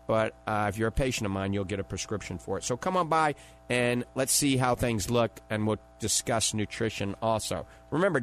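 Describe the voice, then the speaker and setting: A middle-aged man with a New Orleans accent hosting a radio call-in health show, plugging products in a chatty salesman's patter and repeating phone numbers. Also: mid-range voice. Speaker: radio show host and eye doctor.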